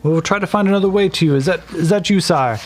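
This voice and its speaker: A dutiful guard captain, voiced by a man calling through a barred door in a tabletop game. His voice is pitched well up and carries, formal and respectful. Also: fast talker, soft background music, natural voice. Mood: commanding.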